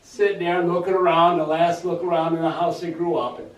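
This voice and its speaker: A man telling a family ghost story in a halting, repetitive way, in a roomy space away from the mic. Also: on the high side, little pitch movement. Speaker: family member. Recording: roomy and distant.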